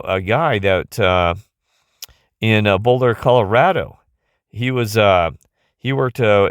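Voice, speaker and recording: A man's voice: fairly low pitch, fairly bright tone, dry recording, clean studio sound. A tired middle-aged man talking in a rambling casual monologue, often losing his thread and restarting, recorded on a phone. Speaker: vlogger.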